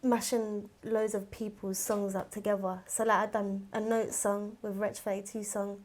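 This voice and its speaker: A young woman, a rapper chatting as an interview guest and telling lively stories. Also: medium pitch, moderate pace. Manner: lively storyteller who acts out other people's voices. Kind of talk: casual interview chat.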